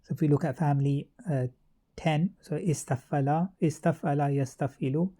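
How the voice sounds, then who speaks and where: Dark, flat-voiced man teaching grammar. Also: a little high, normal speed. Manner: steady explanatory pacing with frequent uh fillers and self-corrections. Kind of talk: explaining verb charts in a lesson.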